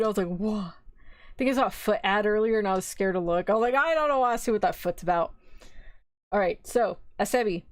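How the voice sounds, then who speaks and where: A woman's voice: mid-range voice, no room sound. A young adult woman streaming, chatting casually and rambling as she retells scenes, slipping into quoted voices. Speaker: vtuber streamer. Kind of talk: casual stream chat about anime.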